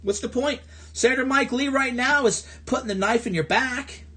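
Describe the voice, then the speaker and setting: A man from the American Midwest delivers an angry, profane livestream rant into his phone. His voice sits high for a man, and he hammers his points through sarcastic repetition. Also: moderate pace, sharp tone. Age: adult. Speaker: livestream host. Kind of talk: ranting political livestream monologue.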